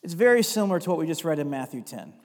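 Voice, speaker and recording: Pastor guy preaching, kinda high voice, big echoey hall, gets loud then goes quiet and confessional. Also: very animated, racing. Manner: preaching with rising emphatic stretches and quiet confessional asides; reads scripture aloud. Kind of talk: sermon. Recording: long hall reverb.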